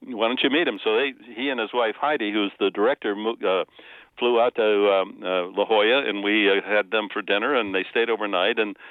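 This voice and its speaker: An older man from the American Midwest, a playwright guest on a radio interview, telling animated stories and now and then quoting others. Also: lowish voice, a little fast, dry recording, narrow, tinny audio. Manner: animated storyteller, slips into quoted voices.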